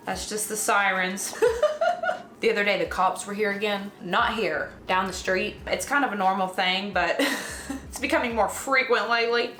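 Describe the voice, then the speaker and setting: A woman's voice: medium pitch, steady tone, normal speed, pushed and bright, reverberant, slight background noise. A woman with a Southern US accent and a slight lisp, chatting casually and joking at her own expense as she bakes in her home kitchen. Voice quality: slight lisp from a dental flipper. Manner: self-deprecating, jokey, talks to herself. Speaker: vlogger. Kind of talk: casual rambling chat while baking.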